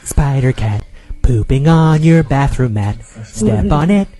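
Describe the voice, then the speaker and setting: A man's voice: mid-range voice, very animated, slow pace, mellow, soft background music. A man voicing a mischievous spider cat, singing in a theatrical, sing-song way.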